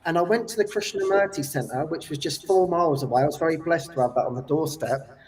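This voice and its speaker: A man telling a personal story in casual chat, animated and laughing often as he acts out quotes. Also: fairly high pitch, fast. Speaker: guest. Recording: distant from the mic.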